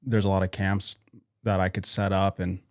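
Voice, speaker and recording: Flat-voiced man from North Idaho, halting. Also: sits low, no room sound, studio quality. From North Idaho, USA. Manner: halting, lots of fillers and restarts. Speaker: podcast guest. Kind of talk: casual interview conversation.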